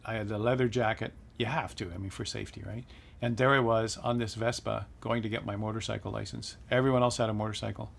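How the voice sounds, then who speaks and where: A man's voice: medium pitch, a little fast, creaky. A middle-aged man hosting a casual flight-sim livestream, chatting and reading viewer comments aloud with frequent laughs. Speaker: livestream host.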